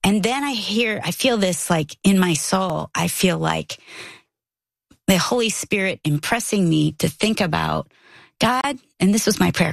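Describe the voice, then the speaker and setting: Gravelly storytelling mother, warmly animated. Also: medium pitch, a little slow, no echo. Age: middle-aged. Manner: animated storyteller, acts out quoted voices. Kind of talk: casual faith conversation.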